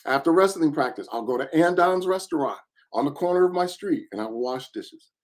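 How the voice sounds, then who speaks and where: Animated man telling a motivational story. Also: fairly high pitch, a little fast. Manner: animated, emphatic, repeats key phrases. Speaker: motivational speaker.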